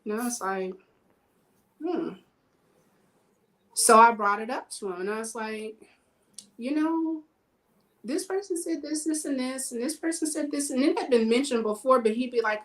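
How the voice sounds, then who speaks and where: A woman telling personal stories in casual chat, animated and acting out the dialogue in her stories. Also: fairly high pitch, moderate pace, pauses often, poor audio. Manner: animated, acts out quoted dialogue.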